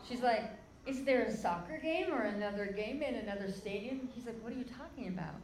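A woman's voice: a little high, lively intonation, fairly quick, echoey room, rough recording. A woman preaching a sermon, telling an emotional testimony story and calling out to the crowd as "guys".

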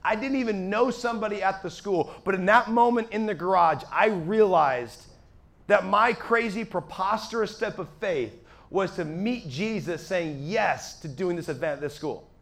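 A high-pitched man gives a sermon testimony to a gathered audience. His delivery is animated, dropping into quiet asides and then rising to excited shouts. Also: moderate pace, gravelly. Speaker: evangelist preacher.

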